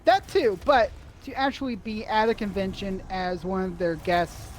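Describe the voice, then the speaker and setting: A man chatting while playing a game, halting and trailing off as he talks. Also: sits high, slight background noise. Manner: halting, many fillers and restarts. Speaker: gamer. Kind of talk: casual chat while gaming.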